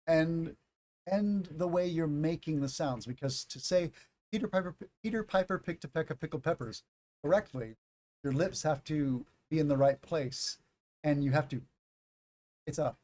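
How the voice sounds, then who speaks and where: A man with a fairly high voice teaches English pronunciation live. He spells out sounds slowly and with care, cracks small jokes, and sounds a bit congested in the nose. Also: darkish tone. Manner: explains slowly, demonstrates sounds, jokes and laughs. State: slight sinus congestion. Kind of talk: live-streamed English lesson.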